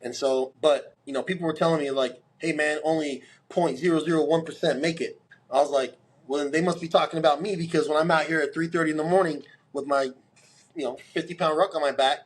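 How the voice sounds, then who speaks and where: Male podcast guest, forties, lively storyteller voicing his characters, slightly high speaking voice. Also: fast talker, breathy edge. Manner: animated storyteller, acts out quoted dialogue.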